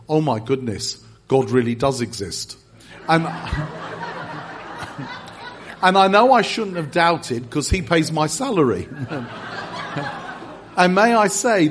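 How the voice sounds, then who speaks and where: A man's voice: fairly high pitch, animated, slow, long pauses, slight background noise. A middle-aged English man preaching in a church, telling a personal story with self-deprecating humor and frequent restarts. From England. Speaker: guest preacher. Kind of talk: storytelling sermon.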